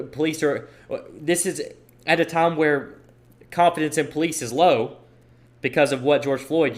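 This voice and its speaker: A man hosting a solo podcast, giving opinionated commentary and repeating his points for emphasis. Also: on the high side. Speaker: podcast host.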